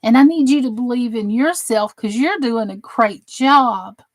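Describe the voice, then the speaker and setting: A woman with a Southern drawl chats casually with viewers of her crafting channel, teasing them with sarcasm, then earnestly encouraging them. She talks slowly and sits slightly high in pitch. The sound is close and dry, with no room around it. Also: dry recording.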